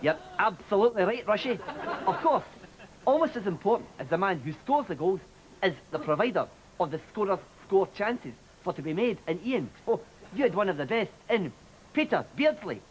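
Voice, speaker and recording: A man's voice: sits high, big pitch swings, moderate pace, low-quality recording. A man with a Scottish accent playing a muddled, flustered football show presenter in a TV comedy sketch. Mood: bumbling. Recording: old TV recording with studio audience noise.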